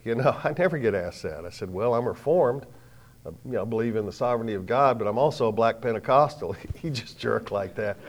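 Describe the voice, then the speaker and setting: A middle-aged man preaching a sermon, telling folksy stories with sudden loud bursts and quiet drops. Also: medium pitch.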